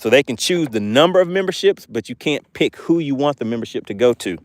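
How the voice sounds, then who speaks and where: A man's voice: mid-range voice, lively intonation, a little fast, no room sound. A man hosting a live fishing stream from a boat, chatting casually and laughing as he reads viewer comments aloud. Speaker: fishing channel host.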